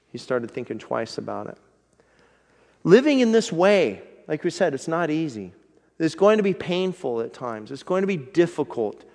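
Earnest male pastor in a reverberant church. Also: on the high side. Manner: earnest, conversational, slows down for emphasis. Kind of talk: sermon.

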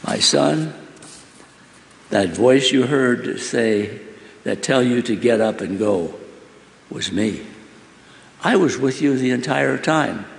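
A man voicing God as a calm, fatherly deity who gently reassures and calls the listener his son. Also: medium pitch, slow, vocal fry, pauses often. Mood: reassuring. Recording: roomy hall with long reverb.

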